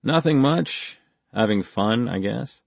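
A male audiobook narrator uses a full character voice for a terse, guarded former army major whose answers are laconic, clipped, and dry. His medium-pitched, creaky voice is expressive and slow, with no echo.

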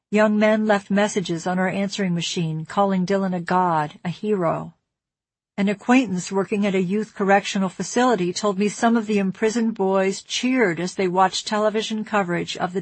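A woman narrating an audiobook memoir in a measured, somber, reflective way. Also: medium pitch, no echo.

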